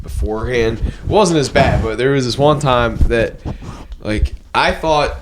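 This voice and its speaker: Young guy talking in halting, restarting bursts. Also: medium pitch, noisy background. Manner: halting, stacks of restarts and fillers. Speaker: podcast co-host. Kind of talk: casual chat.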